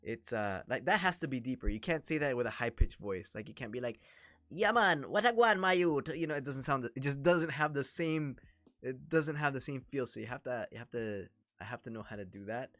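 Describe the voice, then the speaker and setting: A man with a Toronto accent, giving chatty, excitable commentary during a wrestling watch-along livestream. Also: mid-range voice, a little fast, dry recording. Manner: chatty, excitable, reacts to the action. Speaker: livestream host.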